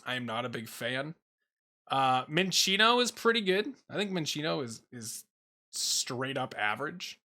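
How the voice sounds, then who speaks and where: With a bright, forceful, mid-range voice that swings widely in pitch, a young man unhurriedly works through a tier list of game creatures on YouTube. He's casual, rambling, and opinionated, leaning on lots of fillers.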